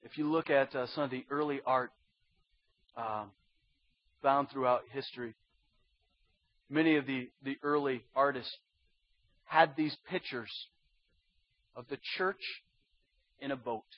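A man preaching a sermon as pastor, emphatic and conversational, swinging from loud insistence to hushed intensity. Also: mid-range voice, fairly even intonation, measured pace, long pauses. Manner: conversational with slang asides. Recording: dull lo-fi sermon recording.

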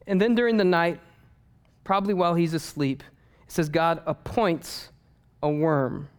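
A pastor preaching a sermon, telling a story with lively humor and playful asides. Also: male voice, a little high, unhurried, clear, resonant tone.

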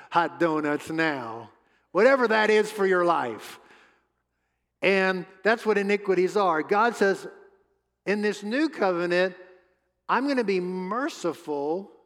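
A man preaching a sermon as pastor, emphatic, repeating his words and pausing often. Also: sits high, fairly bright tone. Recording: long hall reverb.

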